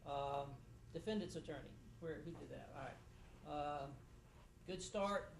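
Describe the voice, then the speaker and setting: A middle-aged man, a judge, giving halting feedback with dry humor to students after a mock trial in a courtroom. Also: a little high, creaky, slight background noise. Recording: echoey room, voice from a distance.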